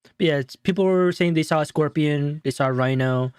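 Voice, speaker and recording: Man, co-host, casual spoiler recap, rambling and animated, higher voice, dry recording. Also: brisk, smooth, no room sound. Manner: rambling, animated retelling with many fillers. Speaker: show co-host. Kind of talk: casual movie spoiler breakdown.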